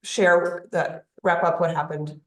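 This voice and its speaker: A woman's voice: lowish voice, fairly even intonation, takes it slowly, reverberant. A woman chairing a hearing, politely but firmly redirecting a witness. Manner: polite, firm, interrupting to redirect.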